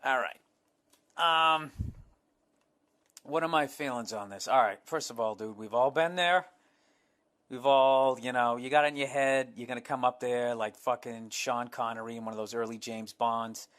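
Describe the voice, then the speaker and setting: A man's voice: mid-range voice, moderate pace, a bit bright. A man with a Boston accent hosting a podcast, reading a listener's letter and answering it in a blunt, sarcastic, profane monologue. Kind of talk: casual comedic podcast monologue.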